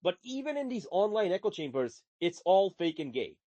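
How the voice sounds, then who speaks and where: A man co-hosting a casual live audio chat, ranting in a profane, animated way. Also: high voice, normal speed, dry recording. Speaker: podcast co-host.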